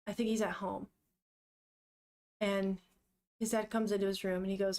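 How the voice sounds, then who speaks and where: A woman's voice: mid-range voice, flat delivery, moderate pace, a little mellow. A young woman with a sniffle, chatting casually and emotionally as she retells a manga, gasping and swearing in shock. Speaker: vlogger reading manga.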